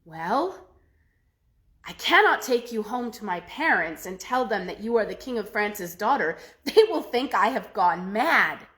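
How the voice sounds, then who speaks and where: A woman's voice: medium pitch, sing-song, unhurried, a bit bright. A woman voicing an earnest young man who pleads and stammers in a storybook tale. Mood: worried.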